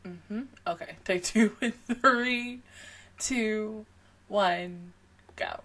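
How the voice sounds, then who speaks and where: A young woman hosting an anime reaction video late at night, tired, chatty and quick to laugh and exclaim. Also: mid-range voice, a bit bright. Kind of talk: casual reaction commentary.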